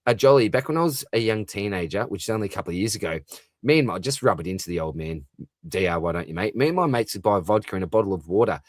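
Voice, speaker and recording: A young man with an Australian accent talks easily into a close, dry microphone at home. His voice sits on the low side as he answers viewer comments one after another in a relaxed livestream chat. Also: fast talker, no room sound. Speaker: fantasy football livestream host. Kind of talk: late-night casual livestream chat.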